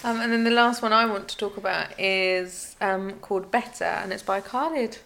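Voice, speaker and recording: A woman co-hosts a relaxed podcast chat, speaking gently and enthusiastically while letting her thoughts trail off. Her voice carries a noticeable vocal fry. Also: mid-range voice, moderate pace. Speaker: podcast co-host. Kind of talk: casual chat.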